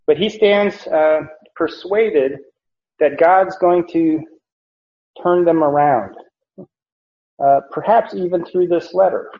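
A man teaching a Bible passage as a pastor, slow and deliberate, with many pauses and fillers. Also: a little high. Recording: echoey room, dull lo-fi sound.

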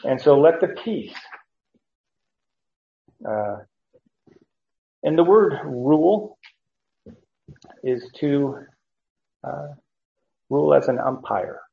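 A man teaching verse by verse from the Bible, halting with many fillers and restarts, chuckling now and then. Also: a little high, lively intonation, creaky. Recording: dull lo-fi recording.

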